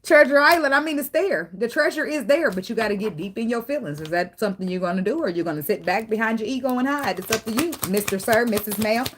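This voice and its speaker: A woman's voice: on the high side, lively intonation, fast, hardly any pauses, slight background noise. A woman giving a casual tarot reading, blunt and profane, talking straight to the viewer. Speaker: tarot reader.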